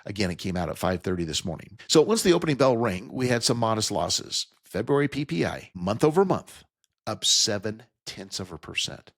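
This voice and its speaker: A man hosting financial talk radio, speaking in a somewhat low voice into a studio microphone. He leans on key figures with emphasis and explains them plainly for his listeners. The sound is close and dry. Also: big pitch swings, fairly quick, few pauses, no echo. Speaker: radio talk show host.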